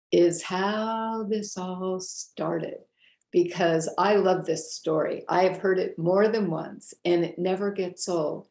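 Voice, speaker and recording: A woman hosting an interview, introducing her guest's story in an unhurried way. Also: on the low side, a little mellow. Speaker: host. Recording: echoey room.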